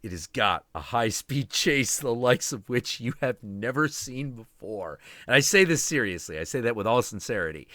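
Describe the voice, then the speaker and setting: A man with a bright, forward voice chats casually on a stream, swearing freely and laughing as he tells his story. The sound is close and dry, with no room around it. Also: mid-range voice, normal speed, few pauses, dry recording. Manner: animated, profane, laughing storyteller. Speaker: stream host. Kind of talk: casual chat.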